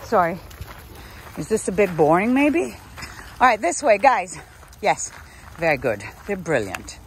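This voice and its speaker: A woman's voice: fairly low pitch, sing-song, unhurried, a little hiss or hum. A woman out of breath on a woodland walk, cooing endearments to her dogs between chatty asides to the camera. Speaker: dog walker. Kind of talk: casual walking vlog. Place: outdoors on a woodland preserve trail.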